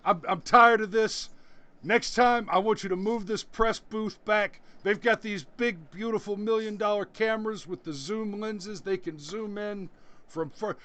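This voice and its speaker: A man's voice: high-pitched, steady tone, measured pace, a bit bright, voice pushed up. A man doing an impression of a boastful politician at a rally, repeating himself with indignant emphasis and a raised voice. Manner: emphatic repetitions, indignant crowd-rally cadence.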